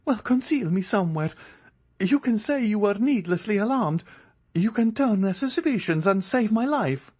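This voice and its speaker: A man's voice: medium pitch, big pitch swings, moderate pace, vocal fry, darkish tone, pitched above the performer's own voice. A man voicing a desperate young male fugitive who pleads and later turns mocking. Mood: pleading.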